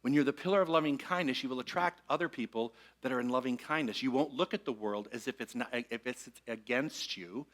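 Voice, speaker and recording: A man's voice: medium pitch, brisk, hardly any pauses. A man minister giving a conversational sermon to a congregation, asking them to repeat lines with him. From Michigan. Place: church sanctuary with congregation.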